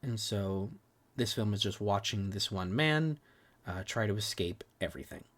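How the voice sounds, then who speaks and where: A man's voice: lowish voice, animated, normal speed, fairly bright tone. A man co-hosting a film podcast, giving candid, profane reviews in casual chat and sometimes dropping near a whisper. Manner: candid, swears freely, restarts words, sometimes drops to a near whisper. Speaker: podcast co-host reviewing films.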